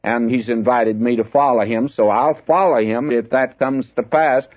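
A man's voice: mid-range voice, fairly even intonation, normal speed. Older man teaching Scripture on radio. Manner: folksy, reads scripture with raised emphasis. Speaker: Bible teacher. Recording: dull lo-fi radio broadcast.

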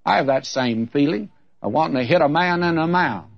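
A man's voice: on the high side, lively intonation, a little fast, vocal fry, dry recording, muffled recording. A man preaching an expository sermon as a radio Bible teacher, earnest and folksy, with candid humorous asides.

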